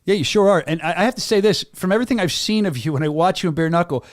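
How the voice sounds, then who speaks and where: A man with a Philadelphia-area accent hosting a casual chat, enthusiastic and full of quick restarts. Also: high voice. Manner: enthusiastic, rapid, stumbling restarts. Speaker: host.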